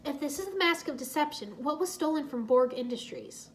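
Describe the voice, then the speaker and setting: A woman reading as Nia, a sharp young ninja. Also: high voice, lively intonation, brisk, slight background noise, pitched above the performer's own voice. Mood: curious.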